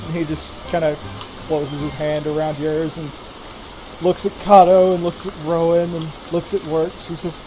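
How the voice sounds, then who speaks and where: A man running a tabletop game as game master, narrating and voicing characters in quick turns. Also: on the high side, level tone, warm tone, slight background noise, poor audio. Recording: music playing behind.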